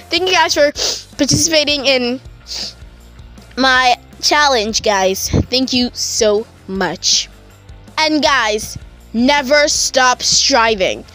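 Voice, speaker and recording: A young woman with a high, bright voice records a casual vlog shout-out for her channel. She talks in a gushing, affectionate, emotional way. Soft music plays faintly behind her. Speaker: YouTuber.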